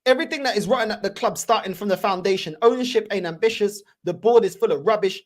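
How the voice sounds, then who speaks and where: A woman's voice: medium pitch, fast talker. A woman hosting a fan channel, ranting heatedly in slangy, repetitive reaction commentary.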